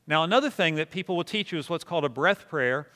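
In a long, reverberant hall, a pastor leads his congregation in prayer, casually poking fun at himself and having them repeat words with him. His voice is a little high, expressive, bright, and forceful, and he moves at a quick pace.

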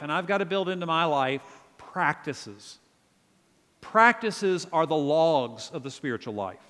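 High-voiced preaching man in a reverberant church. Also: a bit bright. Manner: earnest, conversational preaching with asides. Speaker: pastor. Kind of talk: sermon. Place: church sanctuary.

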